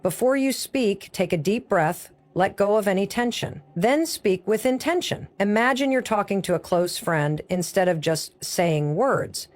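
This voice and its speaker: A woman's voice: medium pitch, animated, a little slow, few pauses. A woman delivering a motivational speech as a speaker, coaching the listener in short, emphatic, punchy phrases.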